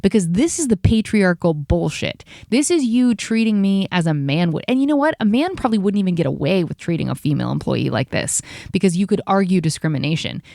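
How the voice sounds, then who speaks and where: Heated, fast-ranting woman with a low voice. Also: lively intonation, gravelly, warm tone, no echo, clean studio sound. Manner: heated, profane, rapid-fire venting. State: tired after a work day. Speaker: podcast host. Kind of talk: casual podcast rant.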